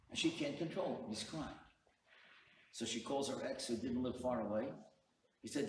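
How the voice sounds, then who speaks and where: A man's voice: mid-range voice, moderate pace, pauses often. A man, a rabbi, giving an earnest sermon to a live audience and telling stories with direct appeals to his listeners. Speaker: rabbi, lecturer. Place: event hall. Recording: roomy hall, distant mic, faint hum.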